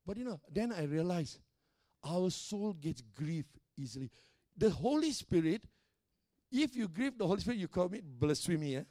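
A man's voice: high voice, lively intonation, moderate pace, mellow, no room sound, clean studio sound. A middle-aged man, a pastor, preaching a sermon emphatically and often tossing questions like "huh?" to the congregation. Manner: emphatic preaching with call-and-response tags.

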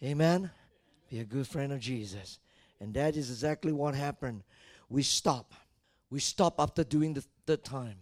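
A male pastor preaching a dramatic sermon, swinging from quiet asides to loud shouts and acting out the people in his stories. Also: medium pitch, unhurried, dry recording. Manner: acts out the people in his stories in different voices.

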